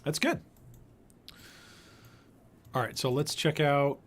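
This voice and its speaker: A man's voice: fairly high pitch, fairly even intonation, slow pace. A man giving casual live-stream commentary while he plays, thinking aloud and trailing off, his voice wearing thin. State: losing his voice. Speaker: gaming streamer.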